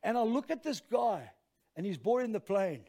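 An Australian man preaching with a high-pitched voice. He tells the story with lively, self-mocking energy and turns to the congregation often. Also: normal speed. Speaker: pastor. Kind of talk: storytelling sermon.

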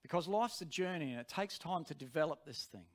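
A man's voice: a little high, lively intonation, a little fast. A man preaching a sermon, telling a personal story in an earnest, direct way.

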